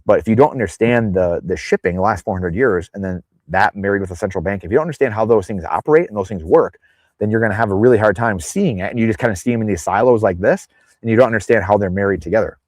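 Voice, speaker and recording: A man's voice: fairly low pitch, fast, no echo. A man speaking as a podcast guest in casual interview talk, rambling off on tangents and acting out the people he quotes. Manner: acts out quoted people in exaggerated voices.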